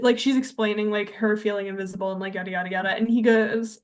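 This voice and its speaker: A young woman with a higher voice speaks fairly fast and barely pauses. She co-hosts a podcast and retells a movie in a casual, chatty way, dropping "like" constantly and acting out the lines.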